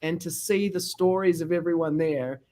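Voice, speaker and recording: Animated and theatrical, a man hosting a casual podcast interview tells stories and impersonates the people he quotes. He speaks at a normal speed with a slightly high voice.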